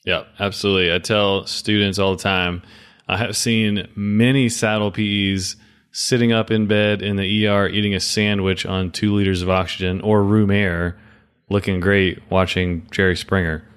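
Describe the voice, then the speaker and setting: A man's voice: deep voice, little pitch movement, normal speed, a bit bright, clean tone. A man co-hosting a medical teaching podcast, speaking as a clinician with casual, joking asides. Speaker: clinician co-host.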